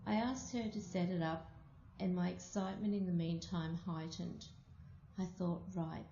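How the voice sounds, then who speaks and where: A woman from Australia telling a personal story aloud, slow and deliberate. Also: lowish voice, fairly even intonation, warm tone, slight background noise. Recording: muffled, echoey room.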